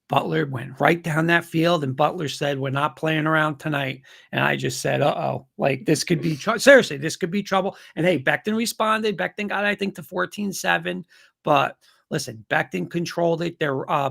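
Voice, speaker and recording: A man co-hosting a casual sports talk show, talking in an excitable, rambling way with lots of fillers and restarts. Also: a little high, creaky. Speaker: show co-host.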